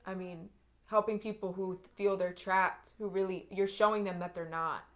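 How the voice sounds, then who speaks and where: A woman's voice: medium pitch, fairly even intonation, normal speed. A young woman giving an intuitive tarot reading to her viewers, earnest and emotional, often repeating and restarting her phrases. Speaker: tarot reader.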